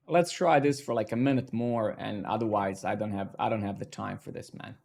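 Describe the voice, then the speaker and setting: A man with a lowish, gravelly voice talks at normal speed, casually muttering to himself and speaking to viewers as he codes live. He swears and bursts out excitedly when things work.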